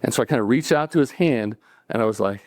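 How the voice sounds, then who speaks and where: A man's voice: medium pitch, expressive, fast, a little mellow, slight background noise. A man telling a true story to a live audience at a cafe event, in a conversational way that acts out the dialogue. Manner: conversational, acting out dialogue, chuckling between lines.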